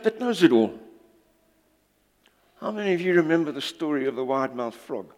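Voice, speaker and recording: A man preaches from the pulpit, animated and joking with the congregation. His pitch rises and falls with great energy. The sound carries the long, ringing reverb of a church hall. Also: fairly quick, pauses often. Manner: animated, jokey, chats with the congregation. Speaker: pastor. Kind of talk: sermon with storytelling.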